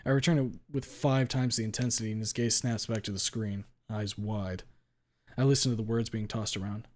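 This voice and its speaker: A man reading a first-person story aloud with a blunt, deadpan delivery and casual swearing. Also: lowish voice, a little fast. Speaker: story reader.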